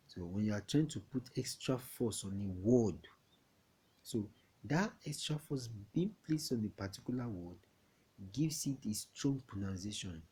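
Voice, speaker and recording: A man's voice: on the low side, darkish tone, slightly rough. A man with a Nigerian accent teaching an English lesson to young pupils, chatty and often asking if they understand. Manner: chatty, repeats questions to check understanding.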